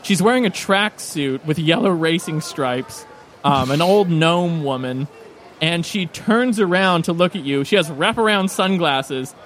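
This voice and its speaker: A man narrating as game master in a tabletop game, relaxed and quick to laugh. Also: a little high.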